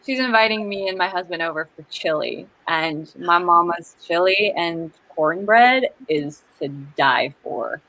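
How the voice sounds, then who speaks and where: A woman hosting a casual writing livestream, bubbly and quick to giggle. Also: on the low side, sharp tone, poor audio. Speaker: host.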